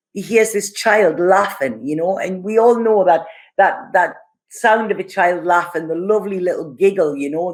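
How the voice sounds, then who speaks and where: Earnest woman giving a tarot reading. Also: lowish voice. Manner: earnest, reassuring, many "okay?" and "you know" asides. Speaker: tarot reader.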